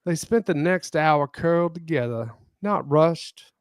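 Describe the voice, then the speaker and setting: A man reads a steamy romance story aloud on a podcast, taking his time over every phrase. His voice sits at a middle pitch, and the close microphone leaves it dry, without any room around it. Now and then he breaks off to crack a joke. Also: expressive, smooth, dry recording. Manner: deliberate reader who breaks off to joke. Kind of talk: reading spicy fiction aloud with joking asides.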